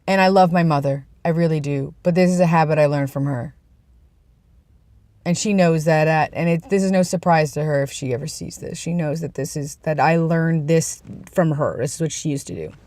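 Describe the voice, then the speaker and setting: A man's voice: a little high, fairly even intonation, normal speed, a little mellow, no echo. A young man vlogging in a casual, rambling way, with self-deprecating asides, talking from his workplace. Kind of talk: casual chat.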